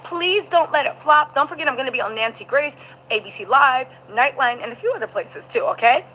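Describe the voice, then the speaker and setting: A woman livestreaming a trial recap, emphatic and animated, talking to her chat. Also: sits high, a little fast, a little hiss or hum, low-quality recording. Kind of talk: livestream commentary.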